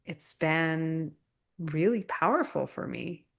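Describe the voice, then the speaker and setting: Woman co-host, lower voice, thinks aloud in halting phrases during a relaxed spiritual chat. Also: vocal fry. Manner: reflective, searching, halting phrases. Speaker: podcast co-host.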